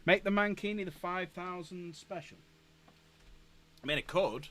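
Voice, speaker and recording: A man's voice: high-pitched, unhurried, pauses often, fairly bright tone, dry recording. A man hosting a casual live stream at his desk, joking, swearing and laughing often. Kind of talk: casual live-stream chat while building models.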